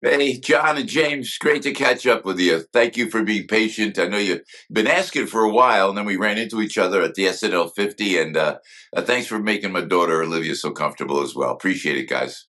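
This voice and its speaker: A man's voice: fairly low pitch, fairly quick. A man telling show-business stories as an interview guest, acting out the dialogue. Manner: animated storyteller, acts out quoted dialogue. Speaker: guest, former comedy cast member. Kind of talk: casual storytelling interview.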